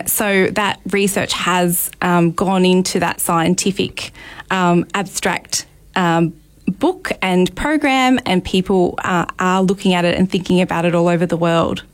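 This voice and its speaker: A middle-aged woman, a play therapist, talks with enthusiasm as a guest in a radio interview and fills her talk with ums. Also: medium pitch. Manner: enthusiastic, uses many ums.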